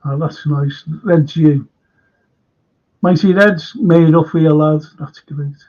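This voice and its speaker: Slow-paced and darkish in tone, a slightly high-voiced older Liverpudlian runs a live fan stream. He reads comments and rambles casually through anecdotes, restarting as he goes, over dull lo-fi audio.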